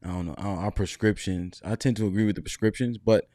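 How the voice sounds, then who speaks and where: A man's voice: on the low side, fairly even intonation, quick pace, dark tone, dry recording, studio quality. A man on a casual panel telling a story, loose and slangy, often cutting himself off. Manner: loose, rambling, slangy, self-interrupting.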